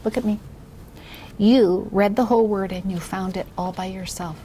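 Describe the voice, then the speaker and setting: A woman demonstrating a reading lesson with a young child, speaking slowly and encouragingly, often softly or in a whisper. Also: mid-range voice, steady tone, a little hiss or hum. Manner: patient, slow, encouraging, drops to soft whispers. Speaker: reading tutor trainer.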